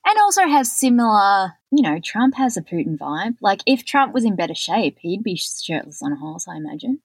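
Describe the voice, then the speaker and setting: A woman's voice: mid-range voice, sing-song, moderate pace, husky, no room sound. A woman co-hosting a podcast, chatting casually and running through a list of facts with fillers. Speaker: podcast co-host. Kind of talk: casual chat.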